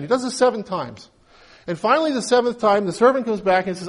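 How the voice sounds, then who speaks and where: Storytelling male preacher with a high voice. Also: expressive, brisk. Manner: storytelling, acts out quoted lines; conversational, with asides and laughs. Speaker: pastor. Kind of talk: sermon.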